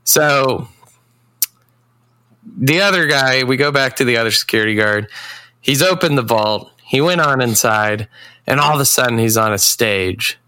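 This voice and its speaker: A man's voice: medium pitch, moderate pace, pauses often, bright, forceful tone, no echo. A man in casual chat, recapping a movie plot in a rambling way, laughing and acting out lines in voices. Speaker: podcast co-host.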